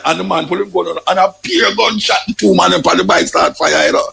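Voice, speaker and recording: A man's voice: high voice, very animated, brisk, creaky, few pauses, pushed and bright, poor audio. A man with a Jamaican accent giving emphatic spoken commentary, repeating his points and often saying "you know".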